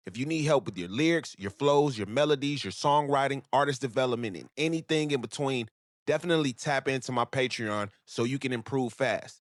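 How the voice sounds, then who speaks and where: A man's voice: medium pitch, fairly quick, dry recording, clean studio sound. A man giving a laid-back, slangy rap coaching lesson, often checking in with "all right?". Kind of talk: casual music lesson with rap demos.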